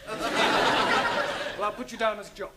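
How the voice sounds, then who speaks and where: An actor playing an exasperated but patient young English teacher in a 1970s studio sitcom. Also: male voice, sits high, very animated, slow, very noisy, exaggerated voice.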